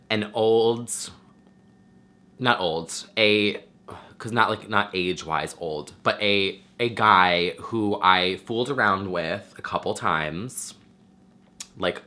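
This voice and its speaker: Bright, chatty man telling a story. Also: lowish voice. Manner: chatty, candid, campy storyteller with mock voices. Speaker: vlogger host. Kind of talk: casual chat to camera. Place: home room with a ring light.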